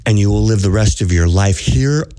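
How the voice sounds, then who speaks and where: As a spiritual coach on his podcast, this man preaches with earnest urgency, repeating phrases to drive points home. He speaks at a normal pace in a fairly low, dark voice, with no echo.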